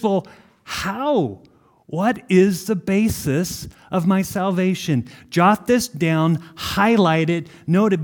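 A man preaching a sermon, asking the congregation questions and answering them himself, slowing down to stress key words. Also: a little high, darkish tone. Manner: asks the room questions, then answers them. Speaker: pastor.

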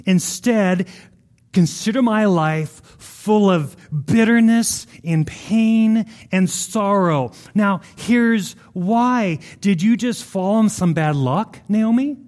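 Male pastor, high voice, lively sermon storyteller who acts out the scenes. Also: slow. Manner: animated storytelling, vivid retelling of scripture.

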